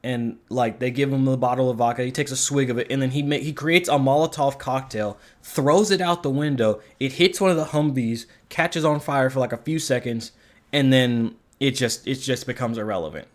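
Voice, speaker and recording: A man talks through a film review in a loose, rambling way, full of fillers and curses. He sounds openly exasperated, and his voice sits at an ordinary middle pitch. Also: normal speed. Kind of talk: casual movie review rant.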